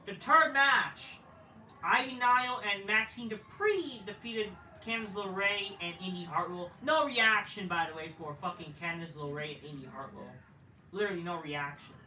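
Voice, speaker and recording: A man's voice: sits high, moderate pace, sharp tone, roomy sound, far from the mic, slight background noise, low-quality recording. A man ranting through a casual wrestling show review, profane and exasperated, rambling from one gripe to the next. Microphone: camera mic at a distance.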